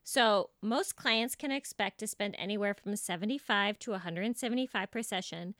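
In a clean studio recording with no room sound, a woman with a mid-range, fairly bright voice speaks at a moderate pace. She's co-hosting a podcast, chatting casually, joking and swearing in an animated way.

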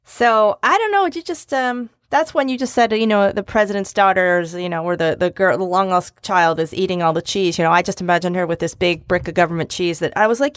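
A woman's voice: medium pitch, brisk, no room sound, studio quality. A woman telling a story in casual chat, rambling with many fillers and restarts.

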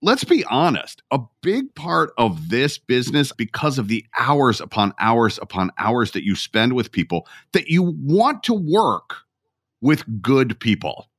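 A man's voice: medium pitch, sing-song, measured pace, a bit bright, no room sound, clean studio sound. A male podcast host in a casual interview, enthusiastic and affirming toward his guest.

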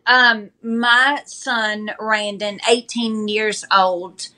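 A woman, a podcast guest speaking in a halting, measured way with frequent pauses. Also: medium pitch, fairly even intonation, sharp tone. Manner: halting, measured retelling with many pauses and fillers. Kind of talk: conversational interview.

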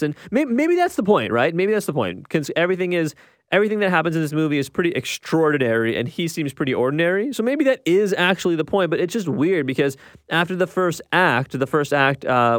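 A man's voice: a little high, no echo, studio quality. A young man hosting a podcast, giving a casual spoken film review full of restarts and tag questions. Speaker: podcast host reviewing films.

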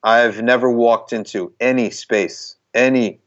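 A man's voice: mid-range voice, steady tone, measured pace, muffled recording. A man talking in an earnest, emphatic way as a guest in a conversation, often circling back and restarting his phrases. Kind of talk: conversational talk.

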